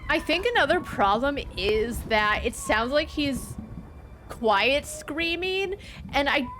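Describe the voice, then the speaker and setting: A woman's voice: sits high, a bit bright. A young woman streamer giving casual let's-play commentary, chatty and sarcastic, with frequent swearing.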